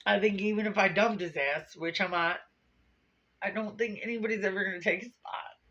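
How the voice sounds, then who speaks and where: A tearful woman pours her heart out in a confessional vlog, blunt and profane as she rambles. Her voice is bright and strained. The sound is dull and lo-fi, as from a low-quality video. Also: brisk. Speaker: vlogger.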